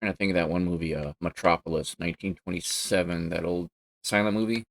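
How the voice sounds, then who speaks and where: With poor audio and a low-set voice, a man streams a racing game live from home, talking at a quick pace. He's chatty and excitable, breaking into loud yelps and swearing every time he crashes.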